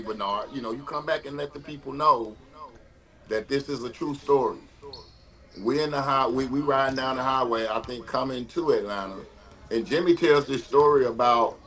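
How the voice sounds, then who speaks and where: A man, a guest telling animated stories with frequent fillers and restarts. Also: medium pitch, normal speed. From Mississippi, US. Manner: animated storyteller, frequent uh and repeated words. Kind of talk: conversational storytelling.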